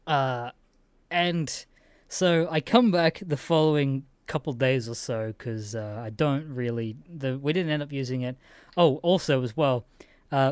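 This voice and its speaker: A young man telling a long story on his podcast, swearing freely and getting worked up as he goes. His voice is mid-pitched and recorded close and dry, with no room sound behind it. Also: no room sound. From Australia. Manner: swears constantly, ranting and exasperated; mimics others in a higher, louder voice. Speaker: podcast host. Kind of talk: casual solo podcast storytelling.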